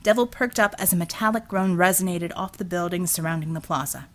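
A woman narrating an audiobook in an expressive, animated storytelling manner. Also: fairly low pitch, a little fast.

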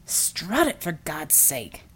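A woman's voice: medium pitch, sing-song, normal speed, natural voice. A woman voicing a cocky, scheming male superhero who talks with brash, teasing salesman patter. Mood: urgent hushed.

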